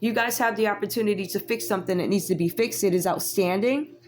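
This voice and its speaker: A woman's voice: mid-range voice, fast talker, darkish tone, slight background noise. A woman, giving a casual tarot reading with sassy, chatty asides to her viewers. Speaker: tarot reader.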